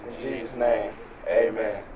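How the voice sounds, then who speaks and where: A man's voice: sits high, sing-song, a little fast, dull audio, crowd noise. A young man playing a weary young man who is sick of street life, agitated and swearing in a skit. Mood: subdued. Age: young adult. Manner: agitated, swearing, then repeating a prayer. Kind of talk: dramatic skit. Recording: street recording with traffic noise.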